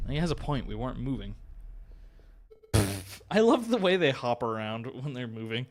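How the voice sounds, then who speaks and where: A man's voice: medium pitch, very animated, moderate pace, pauses often, faint music behind. Laid-back joking game streamer, man. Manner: joking, swears, laughs often. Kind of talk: casual let's-play commentary.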